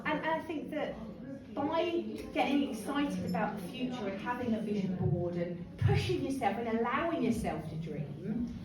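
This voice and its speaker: High, lively woman in an echoey hall. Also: moderate pace. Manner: animated, chatty, laughs often, asks the room questions. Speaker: empowerment speaker running a workshop. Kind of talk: lively workshop talk to a group. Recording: echoey hall from far off, crowd behind.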